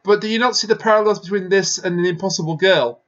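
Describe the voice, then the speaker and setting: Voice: mid-range voice, fast talker, a bit bright. A podcast host in casual chat, laying out arguments step by step while reviewing an episode. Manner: explanatory, lays out arguments step by step. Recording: slightly dull, lo-fi mic.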